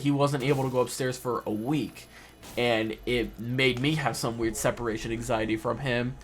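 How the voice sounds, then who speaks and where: A young man, a gaming vlogger, talking casually and emotionally over gameplay. He rambles and leans heavily on "like" and "or whatever", and his voice wavers. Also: medium pitch.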